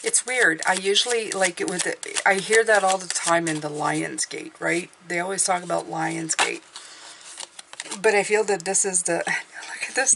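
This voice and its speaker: A woman's voice: fairly low pitch, a little slow, creaky, noisy background. A woman giving an intuitive tarot reading, speaking in a meandering, hesitant way as she thinks aloud. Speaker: tarot reader.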